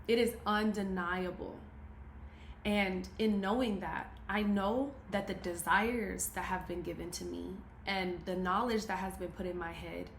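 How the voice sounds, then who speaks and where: A woman's voice: mid-range voice, slight background noise. A woman giving an emphatic, preachy motivational talk to camera, repeating her key phrases. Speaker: motivational speaker. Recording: roomy echo, faint ambience.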